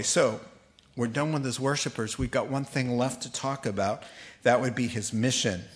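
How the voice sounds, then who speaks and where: A man preaching a sermon, animated and storytelling, who acts out the voices in his anecdotes. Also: mid-range voice. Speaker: pastor.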